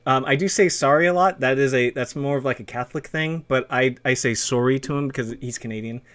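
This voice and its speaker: A man's voice: mid-range voice, fast talker, fairly bright tone, clear, resonant tone. Rambling male streamer host. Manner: rambling, many ums, laughs at himself. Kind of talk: casual interview chat.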